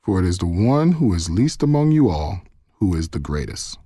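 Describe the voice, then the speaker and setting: A man reading the words of Jesus, a calm, authoritative male teacher, in a solemn, earnest way. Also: sits low, normal speed, slightly rough, no echo, studio quality, exaggerated voice.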